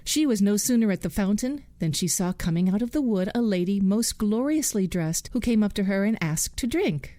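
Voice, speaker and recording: A woman reading a bedtime fairy tale slowly and soothingly. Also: medium pitch, expressive, dark tone, no room sound, studio quality. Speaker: bedtime storyteller. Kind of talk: scripted bedtime narration.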